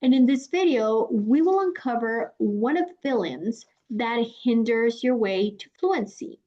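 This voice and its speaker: Young woman, Mexican accent, teacher; clear, deliberate delivery, slightly high voice, muffled recording. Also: expressive, warm tone. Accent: Mexican Spanish. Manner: clear, deliberate, stretches out example phrases. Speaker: Spanish teacher. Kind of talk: explanatory lesson. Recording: dull lo-fi sound.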